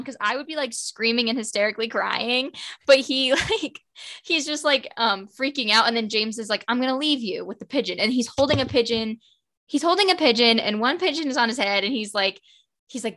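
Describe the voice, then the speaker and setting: A woman's voice: a little high, bright, forceful tone. A young woman in her twenties chatting casually as a podcast co-host, gushing and full of "like" fillers. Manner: fan-girly, quick, lots of "like" fillers. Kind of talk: casual chat.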